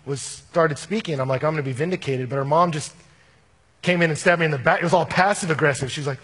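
A man's voice: fairly high pitch, fast, a bit bright, breathy edge, in a large hall. A man who works as a youth minister, answering an audience question in a candid, storytelling way and often quoting scripture. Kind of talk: conversational Q&A answer.

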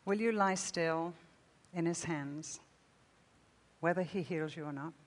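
A woman preacher with a lower voice delivers a sermon, reading her own story aloud. She swells loud on the emotional peaks and drops to a near-whisper. Her voice rings with a long reverb through a large church hall. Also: measured pace. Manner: expressive reading, rising loud then dropping to a hush.

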